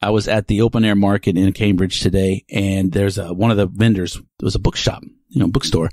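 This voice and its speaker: A man's voice: on the low side, steady tone, fairly quick, darkish tone, dry recording. A man from Texas, hosting a podcast in a rambling, chatty monologue full of digressions. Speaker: podcast host. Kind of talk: casual monologue.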